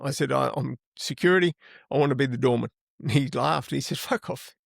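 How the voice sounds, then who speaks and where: Telling rambling, casual stories as an interview guest, a middle-aged Australian man curses liberally. He speaks a little fast in a mid-range voice with vocal fry, captured in studio quality with no room sound.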